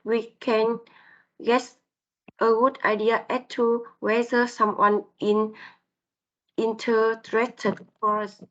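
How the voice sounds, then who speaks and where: A woman student with a Vietnamese accent, a native Vietnamese speaker, reading a class presentation in a halting, hesitant way. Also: fairly high pitch, flat delivery, lo-fi sound.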